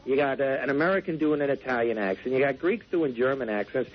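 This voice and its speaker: A man with a husky, slightly high voice rambles and stammers through his opinions on a call-in radio show. His pitch swings widely as he talks, and the broadcast sound is dull and lo-fi. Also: animated, fast. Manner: rambling, stammering, laughs often. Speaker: radio movie reviewer guest. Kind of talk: casual radio banter.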